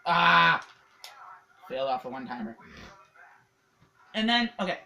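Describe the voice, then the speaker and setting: A hockey vlogger from Canada giving a casual, excitable recap, rambling with lots of fillers and laughs. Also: mid-range voice, moderate pace, slight background noise, low-quality recording.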